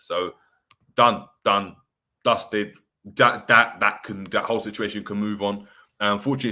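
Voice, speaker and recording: A man hosting a casual football livestream, chatty and relaxed with lots of fillers. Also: fairly low pitch. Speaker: host.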